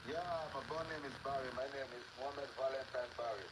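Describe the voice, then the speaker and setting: A man's voice: mid-range voice, fairly even intonation, fast, fairly bright tone, slightly rough. A man from Sierra Leone, a dancehall artist guest in a casual interview, answering briefly and repeating key phrases over a video call. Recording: noisy remote call line.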